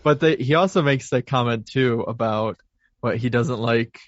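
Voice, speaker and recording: A man co-hosting a podcast who recaps a film plot at a steady pace, with fillers. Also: medium pitch, moderate pace, no echo. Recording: dry, dull lo-fi remote audio.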